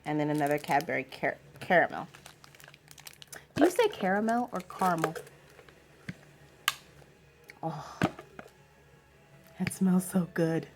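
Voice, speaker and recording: A woman's voice: sits low, unhurried, long pauses, background noise. A young woman vlogging at home in a casual, rambling chat with lots of fillers.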